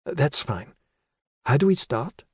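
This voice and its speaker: A man's voice: fairly high pitch, big pitch swings, takes it slowly, breathy edge, dry recording, studio quality, voice pushed up, exaggerated voice. A man voicing a nervous woman psychiatrist in her late forties in an audiobook, speaking hesitantly and carefully.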